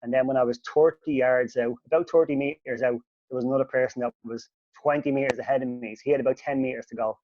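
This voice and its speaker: A man's voice: medium pitch, fast talker, few pauses, no echo. Sweary man telling a story. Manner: animated, sweary, voice jumps up when quoting himself. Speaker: podcast host. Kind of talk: casual storytelling. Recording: dull lo-fi podcast audio.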